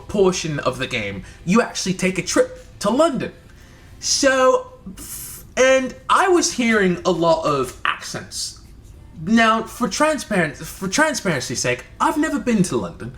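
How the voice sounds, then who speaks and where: A man from the United States, his voice high and a little bright, rambles through a casual game review vlog. The video creator swears freely and keeps restarting his thoughts.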